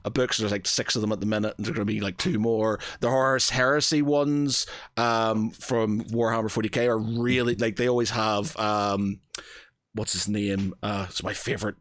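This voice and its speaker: A man's voice: fairly low pitch, steady tone, moderate pace, fairly bright tone, dry recording. Rambling Northern Irish man, dry sound. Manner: rambling, sweary, searches for words. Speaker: podcast host. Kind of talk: casual chat.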